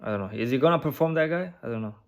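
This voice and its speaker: A man giving casual, speculative commentary on a video, musing through a list of phrases with many pauses and frequent "you know" and "right?" asides. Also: medium pitch, animated, gravelly. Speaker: video creator decoding an advertisement.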